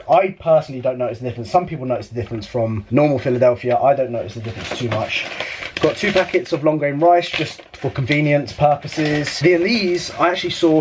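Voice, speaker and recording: A young man rambling through a casual vlog into a handheld camera. His talk is loose, sweary and full of matey slang, pitched in an ordinary middle register with a faint hum of room noise behind him. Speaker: bodybuilding vlogger.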